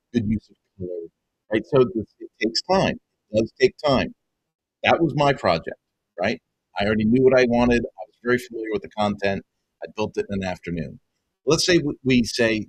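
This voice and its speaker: A man who runs a web design business, giving an excited, emphatic pitch to viewers and calling them folks over and over. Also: no room sound, low-quality recording. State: excited, half-yelling. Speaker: web design agency owner and coach. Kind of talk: energetic direct-to-camera pitch.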